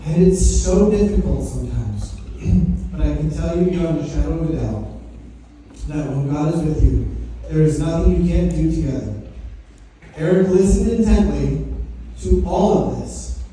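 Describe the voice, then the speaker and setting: A man's voice: fairly high pitch, animated, moderate pace, dark tone, a little hiss or hum. A middle-aged man giving a heartfelt, joking wedding toast as father of the bride. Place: wedding reception hall. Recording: echoey hall from far off.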